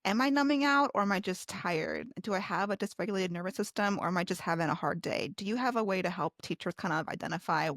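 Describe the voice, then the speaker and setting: A woman's voice: medium pitch, animated, fast talker, hardly any pauses, fairly bright tone, no room sound, studio quality. A woman hosting a podcast, asking thoughtful, supportive questions about teachers and stress. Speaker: podcast host. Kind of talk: interview questions.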